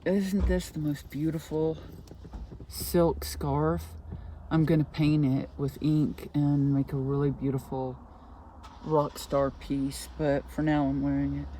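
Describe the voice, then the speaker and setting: A woman's voice: low-pitched, level tone, takes it slowly, dark tone, slight background noise. A woman ranting into her own vlog, swearing constantly and sounding agitated, talking from inside a car. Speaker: vlogger. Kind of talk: casual vlog rant.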